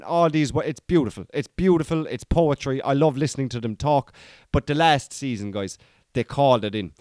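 An Irish man in his thirties, a comedian hosting a podcast, rambling on in an animated casual monologue full of "like". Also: mid-range voice, a little fast, dry recording, clean studio sound. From Ireland. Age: 30s. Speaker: podcast host.

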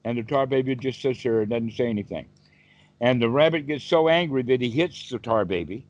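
A man's voice: mid-range voice, fairly quick, a little mellow, no echo. Folksy man telling a story on a call. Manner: folksy, rambling, many fillers. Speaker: dharma teacher. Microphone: video call. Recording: dull, dry video call audio.

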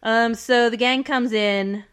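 A woman's voice: a little high, fairly even intonation, takes it slowly, fairly bright tone, clean tone. A woman co-hosting a podcast, casually recapping a TV episode in a chatty way and laughing often. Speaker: podcast co-host.

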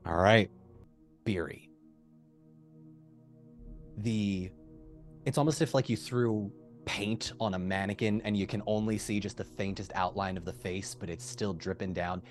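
Man, game master, very deep voice, slow unhurried delivery, relaxed descriptive narration, faint background music. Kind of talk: running a tabletop game.

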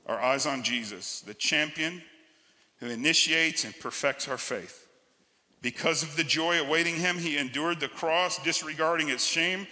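Storytelling pastor in a reverberant church. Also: male voice, fairly high pitch, bright, forceful tone. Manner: storytelling, conversational and emphatic. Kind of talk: sermon. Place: church sanctuary. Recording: church hall with long reverb.

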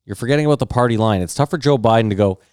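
A man's voice: mid-range voice, racing, a little mellow, clear, resonant tone, no echo, studio quality. A man co-hosting a podcast, questioning the others in a skeptical, wry way during casual chat. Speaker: podcast co-host.

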